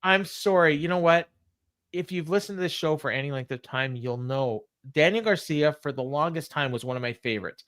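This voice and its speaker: A man co-hosting a wrestling recap podcast in casual chat, laughing often and filling pauses with "uh". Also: a little high, a bit bright, dry recording, clean studio sound. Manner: chatty, laughs often, many fillers. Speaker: podcast co-host.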